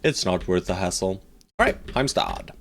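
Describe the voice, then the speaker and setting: Live on stream with a strategy game, he banters with his audience and barks orders at his units, cursing casually. His low, gravelly voice is slightly bright, swings widely in pitch, and moves at a moderate pace.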